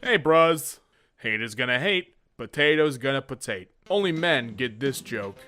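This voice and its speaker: A man's voice: medium pitch, moderate pace, faint music behind. A young man reading and joking about internet memes in comedic commentary, often slipping into silly voices. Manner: animated, jumps into silly voices for jokes.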